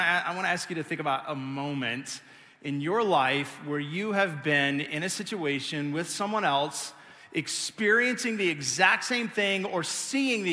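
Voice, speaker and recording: A middle-aged male pastor with a high, bright voice, preaching to a large congregation. He tells stories with animated, self-mocking energy, acting out his own frustrations. The sound rings with the long reverb of a big church hall. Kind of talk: sermon.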